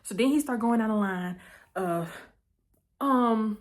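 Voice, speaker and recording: Chatty woman recapping a movie. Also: a little high. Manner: chatty storyteller, keeps checking in with "okay?"; breezy and playful, with asides and quick self-corrections. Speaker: vlog host. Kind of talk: casual chat movie recap.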